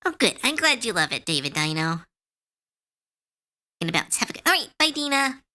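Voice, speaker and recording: A woman artist chatting casually on a livestream while she draws, talking in a chatty, animated way with many fillers and restarts. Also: a little high, a little fast. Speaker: artist streamer.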